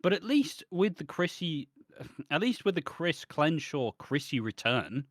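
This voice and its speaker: A man's voice: a little high, big pitch swings, measured pace, no echo, clean studio sound. Sarcastic, sweary British man. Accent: British English. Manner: sarcastic, swears a lot, mocking impressions. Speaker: podcast co-host. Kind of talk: casual chat.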